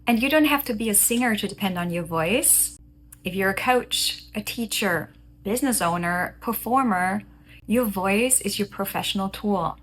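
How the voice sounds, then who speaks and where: A woman vocal coach giving a calm, clear explanation of how the voice works, talking to camera. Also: medium pitch, normal speed, slight background noise. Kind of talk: educational talk to camera.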